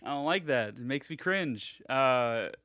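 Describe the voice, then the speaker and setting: A man's voice: mid-range voice, expressive, unhurried, bright, forceful tone, clean tone, dry recording, studio quality. Rambling, swearing young podcast guy. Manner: rambling, swears a lot, many restarts. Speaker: podcast co-host. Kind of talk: casual chat.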